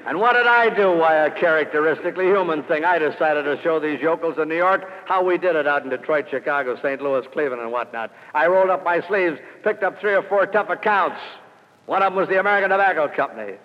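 An older man giving a motivational speech to salespeople, telling an anecdote and building to loud emphatic peaks before dropping quiet again. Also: on the high side, fast talker. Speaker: sales speaker. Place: lecture hall. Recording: old lo-fi recording in a large hall.

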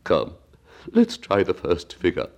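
A man's voice: sits low, wildly swooping pitch, darkish tone, heavily acted. A man voicing the weepy Mock Turtle. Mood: mournful. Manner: mournful, tearful, sings slowly and sadly. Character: sorrowful weepy old male Mock Turtle. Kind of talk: storybook reading.

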